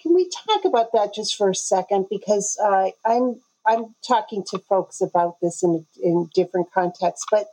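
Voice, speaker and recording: Mellow woman host, thoughtful questions. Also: mid-range voice, low-quality recording. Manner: thoughtful, repeats words while forming questions. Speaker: interview host. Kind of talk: interview conversation.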